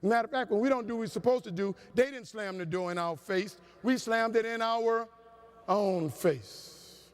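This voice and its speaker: Keynote speaker, male, higher voice, animated preacher cadence, reverberant hall. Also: normal speed, clear, resonant tone. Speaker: motivational speaker. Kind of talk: storytelling keynote speech. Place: large conference hall.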